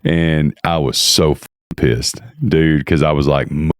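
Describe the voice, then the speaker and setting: A man's voice: a bass voice, fairly even intonation, unhurried, clean tone, dry recording, clean studio sound. A man in casual chat, playfully jumping in with jokes.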